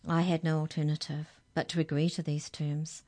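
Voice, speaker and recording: A woman's voice: deep voice, flat delivery, normal speed, mellow. Woman voicing a formal tooth fairy mouse. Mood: aggrieved.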